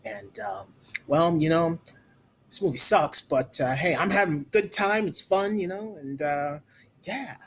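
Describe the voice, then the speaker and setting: A man's voice: on the high side, measured pace, a little hiss or hum. A man putting on a casual, rambling impression of a lazy male movie star who only cares about his paycheck. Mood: smug, laid-back.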